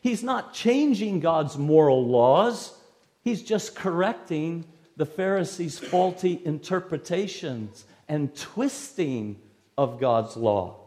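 Animated male preacher, lively pitch. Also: slow pace. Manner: emphatic, wide-ranging delivery with sudden drops to quiet. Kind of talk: expository sermon.

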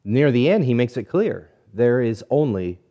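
A man preaching a sermon, measured and deliberate, stretching key words and letting phrases fall quiet at the end. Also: sing-song, highs cut off. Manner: drops low and quiet at phrase ends. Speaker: pastor.

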